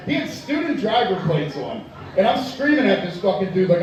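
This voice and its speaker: A man performing a profane stand-up comedy set in a tavern, telling loud rants and chatting with the crowd. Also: sits high, sing-song, moderate pace. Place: tavern stage. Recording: echoey room from far off.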